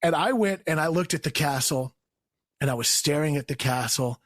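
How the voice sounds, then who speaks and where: A man's voice: a little high, moderate pace, dry recording, studio quality. A man telling a funny story in a casual chat, acting out what people said with raised voices and laughing as he goes. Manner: animated, acts out quotes in raised voices, laughs while telling. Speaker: guest storyteller.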